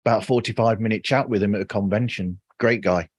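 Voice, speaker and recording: A man's voice: fairly low pitch, fairly even intonation, fairly quick, breathy edge, no room sound, studio quality. A man chatting casually on a podcast panel, steering the talk by asking the others questions. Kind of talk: casual group chat.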